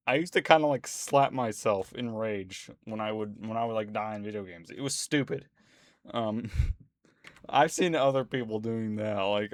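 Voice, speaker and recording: A man's voice: mid-range voice, no room sound. A man at home, rambling indignantly as a YouTuber in casual ranting commentary, full of fillers.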